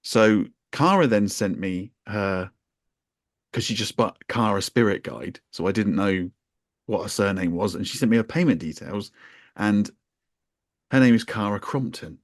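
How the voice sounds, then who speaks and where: A man's voice: lowish voice, unhurried, no room sound, clean studio sound. A man co-hosting a podcast, telling a chatty, wry, self-mocking story in casual conversation. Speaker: podcast co-host.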